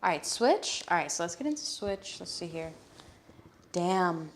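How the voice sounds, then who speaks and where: A woman's voice: lowish voice, measured pace. A woman giving a live tarot reading, talking in a casual, blunt way and swearing freely. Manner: reads card messages aloud in a steady voice. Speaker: tarot reader.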